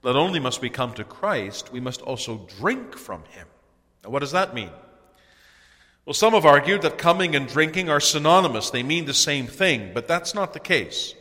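A man delivers a sermon with earnest urgency, his somewhat high voice bright and forceful. He swells into loud cries on key phrases. A long reverb trails every word, as in a large church hall. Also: big pitch swings, normal speed. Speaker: preacher.

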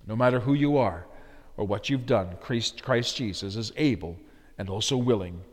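A man preaching a sermon, pressing hard on key words and then dropping low and quiet. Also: normal speed, long reverb tail. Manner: emphatic, rising to stressed words then dropping low and soft.

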